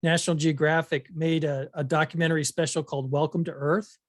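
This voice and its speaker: A woman in her fifties co-hosting a casual podcast, curious and questioning, and quick to laugh. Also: low voice, steady tone, dry recording, clean studio sound. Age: 50s. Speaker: podcast co-host.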